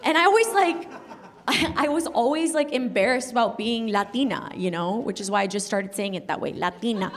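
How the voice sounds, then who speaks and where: A woman's voice: fairly high pitch, brisk. A young woman from Colombia doing a brash, self-mocking stand-up set, teasing the crowd and laughing at her own jokes. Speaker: stand-up comedian. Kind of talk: stand-up set before a live audience. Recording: noisy live club sound with crowd laughter. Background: audience laughter.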